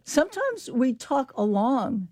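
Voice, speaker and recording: An older woman explaining her research in an interview, in an animated, explanatory way. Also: high-pitched, slow, dry recording. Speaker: linguist guest. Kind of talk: interview answers.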